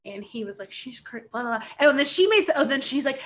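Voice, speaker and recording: Young woman with a bright voice rambling thru a story, lots of like and swearing, acts out everyone. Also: sits high, a little fast. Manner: animated storytelling with voiced quotes, frequent "like" and swearing. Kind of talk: casual chat.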